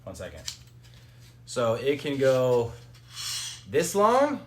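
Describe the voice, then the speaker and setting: A man's voice: medium pitch, wildly swooping pitch, takes it slowly, background noise. Guy rambling on stream while he screws stuff together at home, loose and jokey. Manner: rambling, loose, joking asides to chat and dog. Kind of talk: casual live-stream commentary while building.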